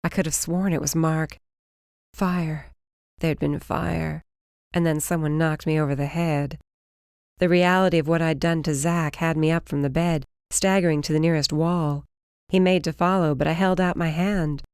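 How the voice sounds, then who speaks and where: Low-voiced woman narrating an audiobook. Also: fairly even intonation, normal speed, a little mellow, clear, resonant tone, no room sound, clean studio sound. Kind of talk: first-person fantasy audiobook narration.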